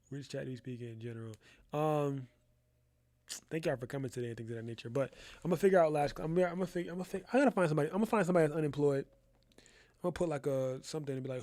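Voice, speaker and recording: Young male class host, gravelly and dry-sounding, loose rambling slang. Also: a little high, racing, darkish tone, no room sound. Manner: loose, rambling, slangy, says "bro" a lot. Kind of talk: casual live-stream chat. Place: his photo studio.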